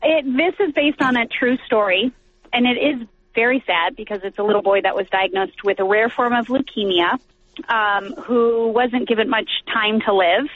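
A woman's voice: a little high, normal speed. A woman guest actress chatting casually in an interview, giggly and talkative. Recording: tinny phone line.

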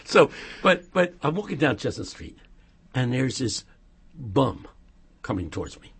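A man talking as a radio guest, telling stories in an animated, joking way and dropping to a hush for serious points. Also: mid-range voice, measured pace, husky. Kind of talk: casual chat and storytelling.

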